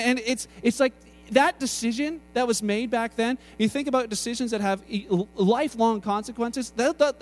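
A man preaching a sermon in a casual, conversational way, often restarting his sentences. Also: very high-pitched.

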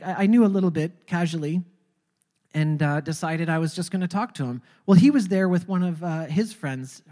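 Halting storyteller in an echoey hall. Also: medium pitch, mellow. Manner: halting, often repeats words before going on. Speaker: speaker telling a personal faith testimony. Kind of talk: personal storytelling.

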